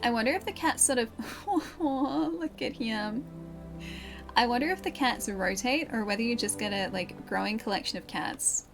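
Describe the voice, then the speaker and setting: A woman's voice: fairly high pitch, lively intonation, normal speed. A young woman streaming a game from home, chatting and laughing as she answers viewer chat. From Australia. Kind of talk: casual live-stream chat while playing. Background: game music clearly audible.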